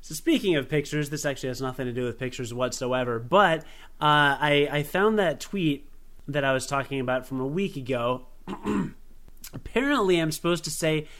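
A young man from the United States co-hosts a laid-back podcast. His voice sits a little high, and he wanders through his thoughts, restarting sentences and poking fun at himself. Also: moderate pace, a bit bright. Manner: rambling, self-deprecating, frequent restarts. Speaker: podcast co-host. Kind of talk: casual chat.

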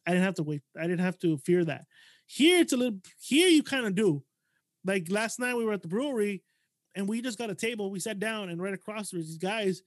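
Fast-talking, high-voiced storytelling man. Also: dry recording, studio quality. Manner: profane, animated storyteller. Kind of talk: casual chat.

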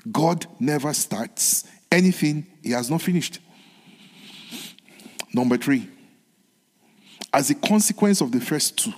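Man preaching in a reverberant hall. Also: mid-range voice. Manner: earnest, repeats phrases, moves between soft whispered lines and raised ones. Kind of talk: sermon.

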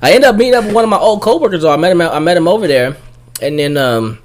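Animated man telling a bar story. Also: racing. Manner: animated storyteller, acts out high squeaky voices for the women he quotes. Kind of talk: casual storytelling chat.

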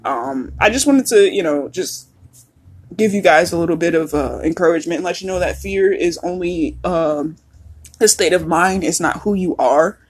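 A woman's voice: lowish voice, moderate pace, husky. A woman hosting a casual solo podcast, chatty and laughing often, swearing freely as she talks. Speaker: podcast host.

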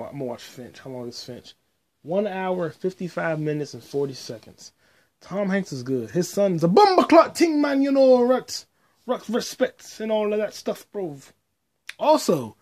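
American male podcaster, somewhat high-pitched, offhand and crude, spikes into hype now and then. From United States. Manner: loose, profane, offhand monologue with sudden excited outbursts. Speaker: podcast host. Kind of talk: casual solo podcast rambling.

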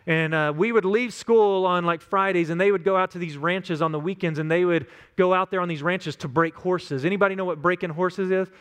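A pastor in his thirties with a Texan drawl preaches in an earnest, conversational way and leans on family stories to make his point. His voice sits a little higher than most men's. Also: a little fast, few pauses, a bit bright, smooth. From West Texas. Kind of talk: sermon.

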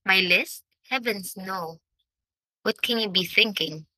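A woman voicing a quick-witted, exasperated young society lady in an audiobook reading. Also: medium pitch, sharp tone, no room sound, poor audio.

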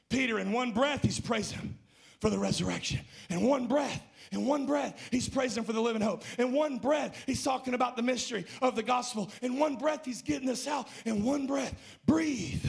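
A man with a very high, gravelly voice preaches a sermon in a church. He builds to fervent shouted peaks, then drops back down to a low, intense delivery. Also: moderate pace. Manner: impassioned, rising to shouts and dropping low. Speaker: pastor.

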